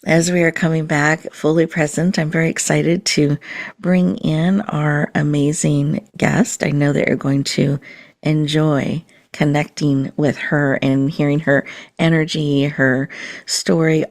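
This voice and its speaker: A woman podcast host leading a guided mindfulness meditation in a slow, soothing, inviting way. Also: low voice, a little mellow.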